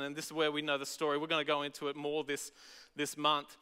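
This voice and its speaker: Bright-voiced Australian pastor preaching. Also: male voice, fairly high pitch, fairly quick, clear, resonant tone, big-room sound. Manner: conversational and animated, acting out voices. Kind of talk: sermon. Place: large church auditorium.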